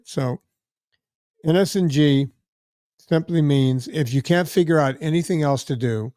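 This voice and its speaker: A man's voice: mid-range voice, mellow, no room sound, studio quality. A man with a Louisiana accent hosting a podcast, talking bluntly and chattily and repeating his points for emphasis. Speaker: podcast host. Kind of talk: casual podcast chat.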